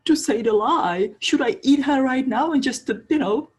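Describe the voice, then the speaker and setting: A woman doing a frantic, squeaky big bad wolf. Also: very animated, unhurried, exaggerated voice. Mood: panicked. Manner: frantic, high and loud. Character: panicked big bad male wolf, scruffy.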